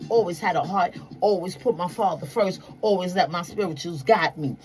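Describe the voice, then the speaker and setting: A woman telling stories casually to her viewers, profane and animated, acting out the voices of people she quotes. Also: on the low side, normal speed, soft background music, poor audio.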